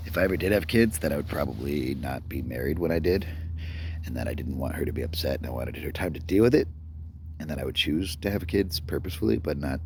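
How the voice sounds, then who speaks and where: Low-voiced man musing to his phone. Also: creaky, a little hiss or hum. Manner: rambling, reflective, drops to a near whisper at times. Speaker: vlogger. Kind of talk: casual talking to camera. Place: outdoors behind a store at dawn. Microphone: phone held to self.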